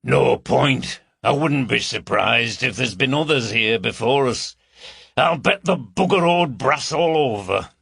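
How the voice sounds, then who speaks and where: A man voicing a bulky, coarse man, who talks in a slow, mocking drawl. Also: mid-range voice, animated, gravelly, fairly bright tone, slightly rough, dry recording, studio quality, pitched above the performer's own voice, heavily acted. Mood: grumbling. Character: bulky coarse Yorkshire man, leering and blunt.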